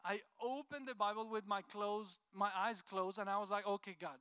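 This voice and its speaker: A man shares an earnest, heartfelt personal testimony. His voice sits high and bright, smooth and clear, recorded with a dry, close sound. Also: moderate pace, no echo. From Colombia. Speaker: speaker sharing a personal testimony. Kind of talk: emotional personal testimony talk.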